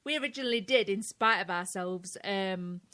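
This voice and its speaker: A woman's voice: medium pitch, moderate pace, pushed and bright. A woman with a Derby English accent, co-hosting a casual podcast chat, swearing freely and laughing often as she tells stories. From England. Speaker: co-host.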